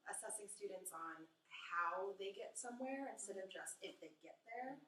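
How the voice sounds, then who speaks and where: A woman's voice: medium pitch, animated, moderate pace, bright, forceful tone. A young woman student teacher in casual group discussion, chatty with many fillers. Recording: echoey room, far from the mic, faint ambient noise.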